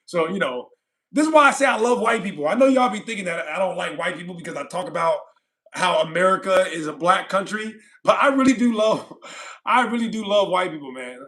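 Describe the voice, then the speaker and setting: A man's voice: sits high, a bit bright. A man from California hosting a livestream, chatting casually and reading viewer comments aloud, rambling and repeating himself with frequent laughs. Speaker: livestream host.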